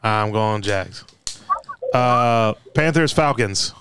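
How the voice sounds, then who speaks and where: A man hosting a sports podcast, steady and agreeable, keeping the show moving through the picks. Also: fairly low pitch, very slow, clean tone, no room sound. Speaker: podcast host running the picks. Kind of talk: casual sports chat.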